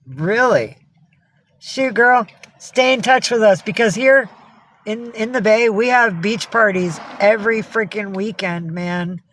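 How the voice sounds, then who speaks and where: A woman's voice: mid-range voice, measured pace, a bit bright, slight background noise. Chatty, profane woman live-streaming. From upstate New York. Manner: chatty, profane, reads out and answers chat comments, coos at her cats. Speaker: livestreamer. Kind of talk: casual live-stream chat.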